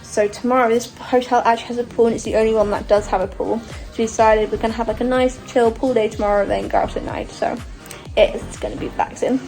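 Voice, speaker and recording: A young woman with a fairly high voice talks brightly to her phone camera, laughing often as she walks outdoors and around a hotel room. Clear music plays beneath her throughout. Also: fairly even intonation, fast talker, rough recording. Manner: bubbly and chatty, laughs often. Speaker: travel vlogger. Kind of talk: casual travel vlog. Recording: music playing under the voice.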